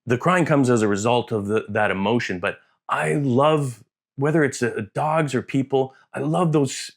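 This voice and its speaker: Male vlogger, mid pitch, chatty and emotional, jumps around and mimics voices. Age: adult, served in the military. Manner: rambling, self-interrupting, emotional and earnest; acts out quoted voices with big pitch jumps. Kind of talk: casual vlog monologue.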